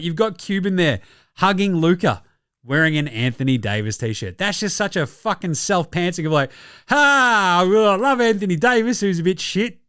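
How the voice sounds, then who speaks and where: Casting: Australian male sports-pod host, sweary and sarcastic, slightly high voice, dry close mic. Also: fairly bright tone, no room sound. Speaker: basketball podcast host. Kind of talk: casual sports commentary rant.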